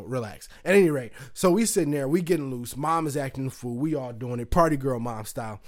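A man's voice: mid-range voice, darkish tone. A man hosting a podcast, telling a casual story loosely with lots of fillers and swearing, acting out other people's voices. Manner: loose, profane, full of fillers, acts out voices. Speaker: podcast host.

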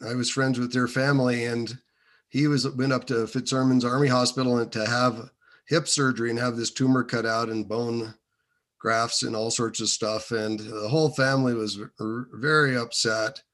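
Bright-voiced man, hesitant storyteller. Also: medium pitch. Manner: hesitant and meandering, many fillers. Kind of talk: personal storytelling.

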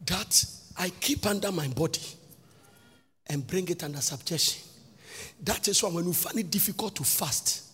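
Husky preacher, sing-song. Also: male voice, high voice, lively intonation, moderate pace, long pauses, a bit bright. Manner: sing-song preaching cadence, rhetorical questions to the crowd. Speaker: pastor. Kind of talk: sermon. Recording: long hall reverb with faint music.

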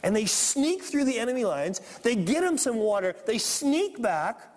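A man preaching a sermon and reading scripture aloud, animated, acting out the people in the story. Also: extremely high pitch, normal speed. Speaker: pastor. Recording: long hall reverb.

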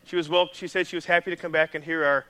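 A man with a Midwestern American accent, a pastor preaching a sermon in a conversational, animated way. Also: on the high side, fast talker, smooth.

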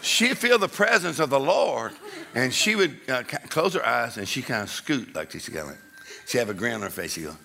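A man with a gravelly voice tells a comic story on stage, his pitch swinging wildly from low mutters to high yelps. He acts out the people in his tale with sudden high shouts. The recording carries a clear layer of noise underneath. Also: big pitch swings, fairly quick. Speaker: comedian. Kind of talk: stand-up comedy storytelling.

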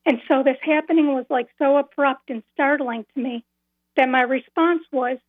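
A woman's voice: high-pitched, steady tone, dry recording. A woman calling in to a radio show, earnestly telling a personal story and repeating phrases as she goes. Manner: earnest, repeats phrases, slow and careful at key moments. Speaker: caller. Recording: tinny phone line.

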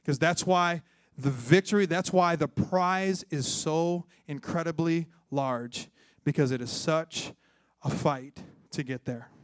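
A man, a pastor preaching a sermon with call-and-response, moving between loud exhortation and hushed tones. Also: on the high side, slow pace, no echo, clean studio sound. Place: church.

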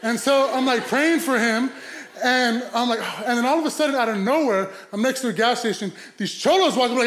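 A young adult man, a pastor, telling a comic story in a sermon, animated and laughing as he goes. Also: extremely high pitch, fairly quick. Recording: echoey hall.

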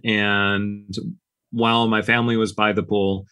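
A man's voice: on the low side, unhurried, clear, resonant tone, no echo. A man casually telling stories from running his company, acting out the dialogue as he goes. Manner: relaxed, anecdotal, acts out quoted dialogue. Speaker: business owner guest. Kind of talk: casual podcast storytelling.

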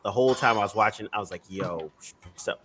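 A man chatting casually with a bright, forceful tone. He is laid-back, trails off and restarts his sentences, and often drops to a quieter level. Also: on the low side, fast talker, slight background noise. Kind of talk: casual chat.

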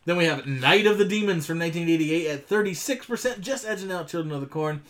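A man's voice: fairly high pitch, lively intonation, quick pace. A man on a podcast, casually reading a list of movies and joking along. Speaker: podcast co-host. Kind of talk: casual chat.

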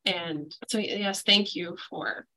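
A woman's voice: on the low side, takes it slowly, pushed and bright, rough recording. A woman speaking as a guest on a podcast, earnest and reassuring as she gives practical advice. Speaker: school mental health guest. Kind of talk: podcast interview.

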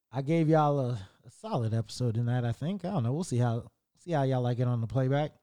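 A man hosting a late-night solo podcast, rambling in a relaxed way and correcting himself as he goes. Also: fairly high pitch. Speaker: podcast host.

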